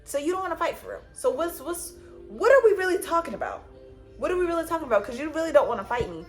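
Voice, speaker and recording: A woman with a high voice tells a story casually straight to the camera. She repeats her lines and acts out the dialogue as she goes. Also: quick pace, soft background music. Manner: animated retelling with repetitions and quoted dialogue. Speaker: vlogger.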